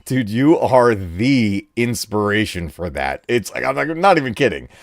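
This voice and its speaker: A man hosting a casual live gaming stream from home, excitable and laughing often as he talks to his chat. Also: mid-range voice, moderate pace, creaky, dry recording, clean studio sound. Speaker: gaming channel host. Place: home room.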